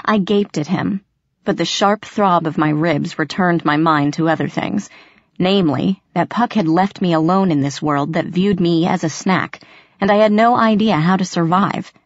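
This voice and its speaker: A woman with a fairly low voice reads a first-person story aloud in a dramatic, expressive way. The sound is dry and a little muffled, like a simple home setup. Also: moderate pace, no room sound. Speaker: audiobook narrator. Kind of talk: first-person audiobook narration.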